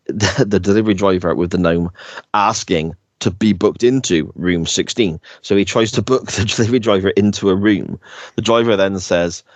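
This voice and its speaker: Host, male, very low voice, dry close sound, rambling casual chat. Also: no room sound. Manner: rambling, retells scenes with hesitant restarts. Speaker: podcast host.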